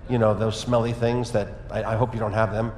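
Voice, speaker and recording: A man preaching a sermon as pastor, telling a personal story in a conversational way with lively asides. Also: lowish voice, brisk, a little hiss or hum. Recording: echoey hall with long reverb.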